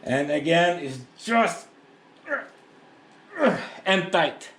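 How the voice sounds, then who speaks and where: Slow-talking man with a French accent. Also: a little high, expressive, fairly bright tone, a little hiss or hum. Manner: rambling, chatty, jokes at himself. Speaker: tractor owner showing maintenance. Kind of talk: casual how-to vlog.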